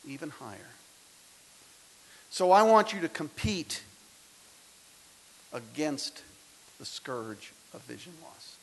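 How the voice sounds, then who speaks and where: A man's voice: fairly high pitch, big pitch swings, takes it slowly, creaky, pauses often, slight background noise, low-quality recording. Impassioned man in his sixties speaking. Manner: impassioned, swings between loud emphasis and soft intimacy. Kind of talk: motivational speech. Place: lecture hall.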